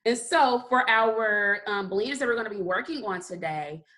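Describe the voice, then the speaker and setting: A woman teaching a kindergarten phonics lesson online, upbeat and deliberate, drawing out letter sounds for children to repeat. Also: medium pitch, pushed and bright, rough recording.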